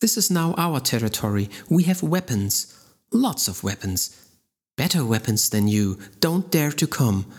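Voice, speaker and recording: Brief: male narrator as a merciless woman brawler, blunt, husky, slow delivery. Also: mid-range voice, wildly swooping pitch, darkish tone, full character voice. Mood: cold. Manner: blunt and commanding. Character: cold ruthless woman fighter.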